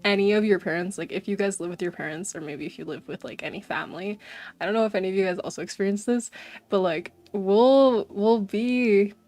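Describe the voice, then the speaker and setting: A young woman streams to her viewers, chatting casually and animatedly and saying "bro" a lot. Her medium-pitched voice moves fairly quickly with a darkish tone, picked up on a desk mic.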